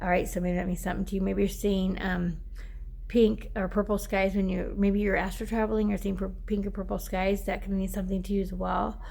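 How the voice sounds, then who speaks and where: A woman's voice: medium pitch, little pitch movement, a little fast, gravelly, darkish tone. A woman giving a casual, rambling oracle card reading, teary at times and often drifting off mic.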